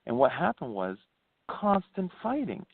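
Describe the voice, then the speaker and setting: Male guest, animated storyteller; swooping delivery, dry phone-line audio. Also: unhurried, creaky, breathy edge, no room sound. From born New Hampshire, raised in Florida. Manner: animated storyteller, laughs often, swoops in pitch. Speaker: guest, paranormal investigator and ghost tour founder. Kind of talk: casual phone interview.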